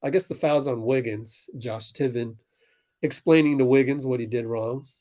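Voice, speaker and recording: A man hosting a fan livestream, calling the game live and ranting back at viewers in chat, swinging between fired-up outbursts and low muttered play-by-play. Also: normal speed, warm tone. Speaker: livestream host.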